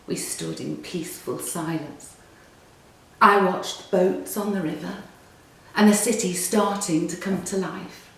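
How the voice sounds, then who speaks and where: A woman's voice: lowish voice, steady tone, a little slow, gravelly. A woman, reading a story aloud in a wry, conversational way. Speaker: narrator. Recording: roomy echo, distant mic.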